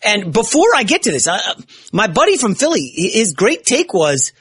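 A man filling in as a sports radio host, talking in an excitable, rambling way and often correcting himself mid-sentence. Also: sits high, husky, no echo, clean studio sound.

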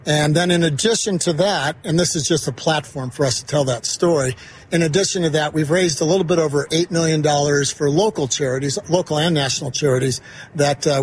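A man with a somewhat high voice talks in a loose, chatty way, piling up fillers as he tells stories. A faint hum of ambience sits behind him. He is a company boss sitting in as a guest on a broadcast. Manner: chatty, storytelling with many fillers. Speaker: investment firm CEO, guest. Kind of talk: casual interview at a golf tournament. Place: outdoor broadcast studio at a golf event.

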